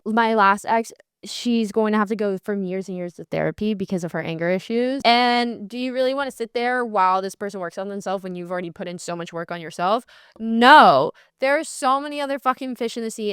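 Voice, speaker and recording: A sassy young woman talking straight to her listeners, swearing freely as she hands out tough-love breakup advice. Her voice is smooth and clear, recorded dry and close with no room sound. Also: medium pitch, a bit bright, dry recording. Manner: blunt, profane, sassy and direct to listeners. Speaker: podcast host. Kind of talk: candid advice monologue.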